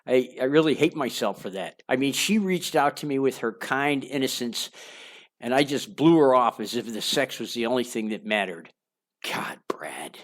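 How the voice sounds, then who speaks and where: A man's voice: medium pitch, normal speed. An older man narrating his own memoir aloud in a candid, confessional way, with wandering asides and small repeats. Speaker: memoir author reading his own book.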